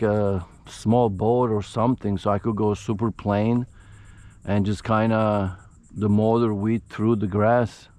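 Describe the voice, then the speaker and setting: A middle-aged fishing vlogger with a lowish, darkish voice talks from his kayak on a shallow lagoon outdoors. His casual commentary is aimed straight at his viewers, chatty but frustrated.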